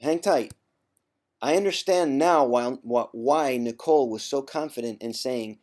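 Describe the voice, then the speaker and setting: A man, a former chronic pain sufferer, talking straight to camera in a vlog with an emphatic, teasing tough-love delivery, clearing his throat now and then. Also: medium pitch, moderate pace, darkish tone. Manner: conversational, with frequent throat clearing. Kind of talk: direct-to-camera vlog monologue.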